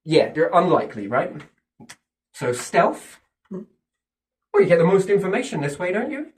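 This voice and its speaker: A man's voice: sits high, a little slow. Guy riffing on wild ideas, swears a lot, fires off questions and answers them himself, sounds a bit far from the mic. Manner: animated, profane, speculative, asks himself questions and answers them. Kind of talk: casual rambling monologue. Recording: distant from the mic.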